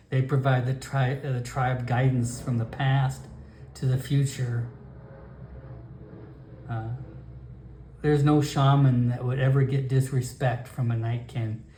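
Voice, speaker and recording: A man narrating a solo tabletop game in a slow, halting way with fillers. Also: mid-range voice, warm tone, slight background noise. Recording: echoey room.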